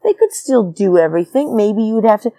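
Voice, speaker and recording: A woman's voice: medium pitch, animated, a little fast, dark tone, dry recording. A woman hosting a podcast, giving blunt, scornful opinions on a reality show in an indignant rant. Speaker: podcast host.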